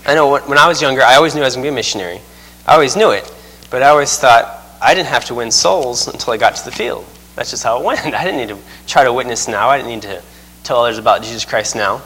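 A man's voice: mid-range voice, fast, a bit bright, slightly rough. A man preaching a sermon as a missionary, telling stories with a chuckle in a folksy way. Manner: chuckles through his own anecdotes, folksy. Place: church sanctuary. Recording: long reverb of a church hall.

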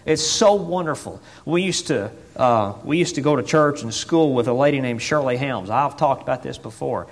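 Lively preacher in echoing church. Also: male voice, mid-range voice, normal speed, hardly any pauses. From Tennessee. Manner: swings from hushed asides to shouted exclamations; folksy, many fillers like "I mean" and "boy". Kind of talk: animated storytelling sermon. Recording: long reverb of a big church.

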